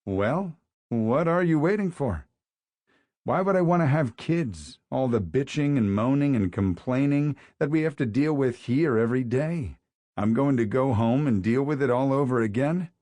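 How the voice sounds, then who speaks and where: A man's voice: medium pitch, expressive, normal speed, a little mellow, no echo, lightly acted. A man voicing a wisecracking, teasing male teacher in an audiobook, with a mocking, joking delivery. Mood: needling. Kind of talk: audiobook character voice.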